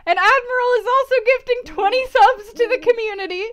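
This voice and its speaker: A woman's voice: very high-pitched, fairly bright tone. A woman livestreaming, giggling and gushing as she thanks viewers and reads out long lists of names.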